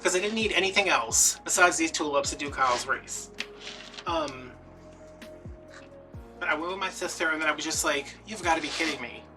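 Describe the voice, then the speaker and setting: A man's voice: a little high, moderate pace, pauses often. Chatty man talking from a distance. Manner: rambling, chatty storytelling with many fillers. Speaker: DIY wreath-making host. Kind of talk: casual chatty vlog while crafting. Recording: distant mic with background music.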